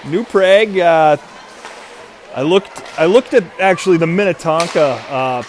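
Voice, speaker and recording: A man's voice: on the high side, measured pace, a little hiss or hum. A man doing chatty, rambling commentary on a youth hockey livestream. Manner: rambling, chatty, self-mocking.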